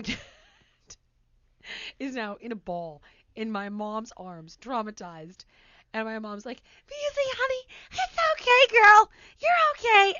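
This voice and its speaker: A woman hosting a podcast, telling a story in casual chat, animated and acting out quotes loudly. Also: mid-range voice, no room sound, dull audio. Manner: animated, breaks into laughter, acts out quotes loudly. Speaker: podcast host.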